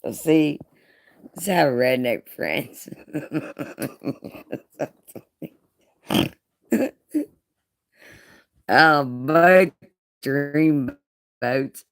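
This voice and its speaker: A woman's voice: deep voice, animated, extremely slow, long pauses. A woman chatting casually on a live stream, showing off jewelry, teasing her viewers and laughing with folksy slang.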